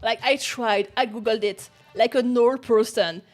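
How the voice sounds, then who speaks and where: Giggly high-voiced woman streamer. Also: fairly even intonation, a little slow, soft background music. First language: not English. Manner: giggly, chatty, frequent laughs and restarts. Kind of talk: casual chat.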